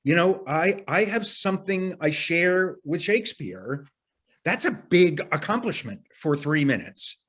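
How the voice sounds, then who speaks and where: An arts workshop leader talks to participants in a voice on the high side, fairly bright, very animated and a little slow. He explains ideas earnestly and casually, sometimes restarting as he thinks, with occasional mild swearing.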